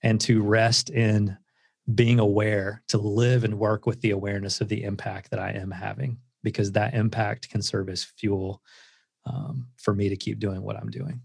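An earnest man tells stories as a guest on an interview show, reflective and full of filler words. His low voice has a gravelly fry. The sound is close and dry, with no room around it. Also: flat delivery, normal speed, no room sound. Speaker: guest author. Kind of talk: casual interview storytelling.

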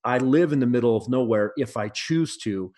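Man, middle-aged, podcast chat, blunt, profane, restarts often, mid pitch. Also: normal speed, darkish tone. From United States. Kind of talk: casual podcast conversation.

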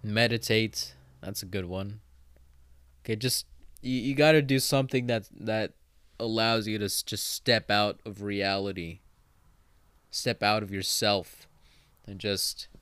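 A man's voice: on the low side, steady tone, slow, pauses often, a bit bright, smooth, no room sound. A man hosting a solo podcast, rambling casually with swearing and self-corrections, having just woken up. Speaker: podcast host.

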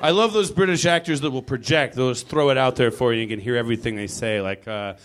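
A man doing a live stand-up set in a comedy club, rambling loosely and leaping into loud booming character voices. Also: fast talker, crowd noise, background noise. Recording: live club recording with audience laughter. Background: audience laughing.

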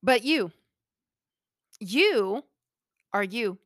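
A woman's voice: a little high, animated, extremely slow, dry recording, studio quality. A woman hosting a motivational solo talk, chatty and playful, laughing often and speaking straight to her listeners.

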